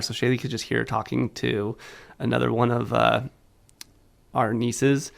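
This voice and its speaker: A man's voice: medium pitch, steady tone, normal speed, creaky. A man in his thirties, a father, chatting casually on a podcast and acting out quotes as he tells family stories. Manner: chatty storyteller, laughs often, acts out quotes. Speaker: podcast co-host or guest, father. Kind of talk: casual chat.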